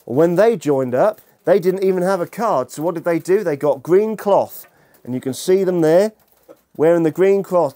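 A man's voice: high voice, expressive, normal speed, mellow. A man lecturing as a historian to an audience, humorous and chatty, bantering with the room. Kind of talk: lecture with jokey asides.

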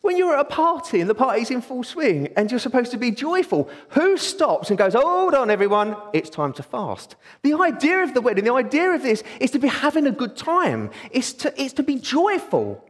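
A man preaching a sermon in a church, excitable and eager. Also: extremely high pitch, moderate pace, hardly any pauses. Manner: excitable, bursts into exclaiming. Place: church hall. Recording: long hall reverb.

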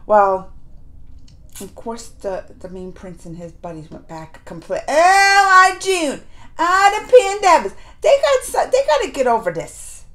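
A woman hosting a review channel, recapping episodes to viewers in a chatty, animated way and acting out characters' lines. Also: high voice, measured pace. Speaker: reaction and review channel host. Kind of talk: casual recap chat to viewers.

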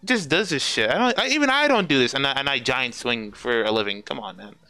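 A man's voice: medium pitch, lively intonation, a little fast, bright, forceful tone, soft background music. A man streaming a fighting game, commentating his matches with profane, exasperated trash talk. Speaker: gaming streamer.

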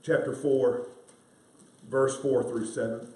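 A man's voice: mid-range voice, flat delivery, takes it slowly, dark tone, slight background noise. A man preaching a sermon as pastor, emphatic and repeating key phrases to the congregation he calls friends. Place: church sanctuary. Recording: roomy sound from a distant mic.

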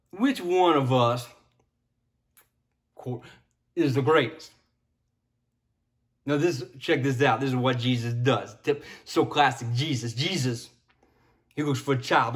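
A man preaching a casual sermon as pastor, chatty and joking, often restarting his sentences. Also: mid-range voice.

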